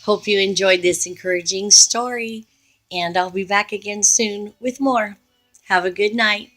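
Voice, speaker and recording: A woman's voice: medium pitch, unhurried, a bit bright, soft background music. A woman hosting a Christian video, telling a personal testimony story in an earnest, conversational way with frequent fillers.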